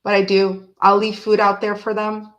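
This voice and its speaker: A woman hosting a tarot reading from home, chatting casually and rambling, who breaks into snippets of old songs and talks softly to her cat. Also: medium pitch, completely flat delivery, normal speed, dull audio. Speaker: tarot reader and channel host. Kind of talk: casual chat on a live reading.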